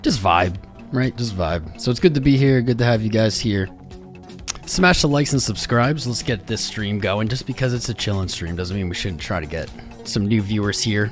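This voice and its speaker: Laid-back American streamer, low voice. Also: male voice, moderate pace. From United States. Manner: laid-back, greets chat by name, rambling. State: slightly losing his voice. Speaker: crypto livestream host. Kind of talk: casual live stream chat. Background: music playing.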